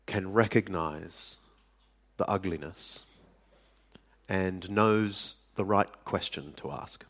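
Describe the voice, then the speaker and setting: A man preaching a sermon, speaking deliberately with dramatic pauses and sudden drops to a hush. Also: deep voice. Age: adult. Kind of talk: sermon to a live audience.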